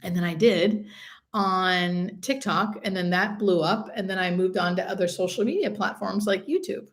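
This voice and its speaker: A woman's voice: medium pitch, moderate pace. A woman, a hospice nurse, hosting a casual live stream, chatting and reading out viewer comments.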